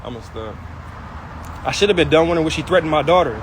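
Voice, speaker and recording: Heated, fast-talking young man ranting. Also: on the high side, fairly even intonation, slight background noise. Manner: heated, profane, repeats himself. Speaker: livestreamer venting about family. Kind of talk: unscripted live rant.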